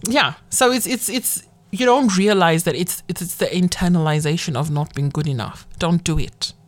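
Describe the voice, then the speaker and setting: Woman co-host from Zimbabwe, low-ish pitch, emphatic and animated delivery. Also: normal speed. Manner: emphatic, animated, swears freely. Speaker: podcast co-host. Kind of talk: casual chat.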